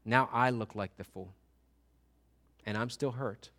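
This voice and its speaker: A man voicing a merciful king who forgives a huge debt, speaking slowly and solemnly in a hushed voice. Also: mid-range voice, voice pushed down, natural voice. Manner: slow, hushed, solemn delivery.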